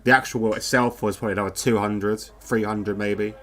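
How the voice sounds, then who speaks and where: A man's voice: fairly low pitch, fairly even intonation, fairly quick, fairly bright tone. A man giving casual live commentary on a sim race, chatting in a rambling way with lots of fillers, speaking into a wireless headset.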